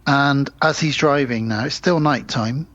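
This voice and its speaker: A man co-hosting a podcast, calmly recapping a film in casual chat. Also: medium pitch, unhurried, dull audio. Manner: relaxed plot recap. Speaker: podcast co-host.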